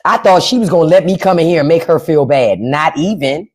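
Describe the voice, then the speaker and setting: Animated, profane woman livestreamer. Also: sits low, fairly quick. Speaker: livestream host. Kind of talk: casual livestream rant.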